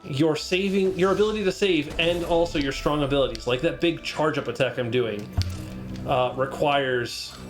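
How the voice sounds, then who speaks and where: A man with a slightly high voice chats easily while he plays, explaining the game's mechanics and story at a relaxed, filler-heavy pace. Faint game music runs underneath his commentary. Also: normal speed. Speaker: speedrunner playing on a charity stream.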